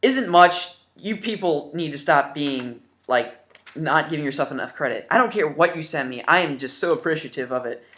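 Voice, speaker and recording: This is a young man in his twenties talking straight to his viewers about games he has picked up. His voice sits a little high with a bright, forward edge. He rambles happily and fills the gaps with ums and half-started words. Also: expressive, normal speed. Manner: enthusiastic and rambling, with many fillers. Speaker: gaming YouTuber showing his new games. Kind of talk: casual vlog.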